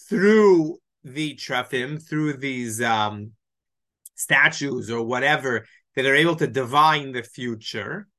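A man teaching a Bible lesson, lively and explanatory, reading Hebrew verses and explaining them in English. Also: mid-range voice, measured pace. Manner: animated, mixes Hebrew quotes with English explanation. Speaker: Torah teacher.

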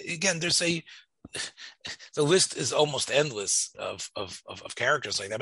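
A man's voice: mid-range voice, pushed and bright, breathy edge, dry recording. A man in a casual film discussion, rambling with many restarts and fillers.

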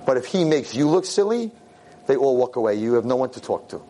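Animated rabbi telling a story. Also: male voice, fairly quick, slight background noise. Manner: acts out dialogue with big pitch jumps, sprinkles Yiddish and Hebrew words. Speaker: rabbi, convention speaker.

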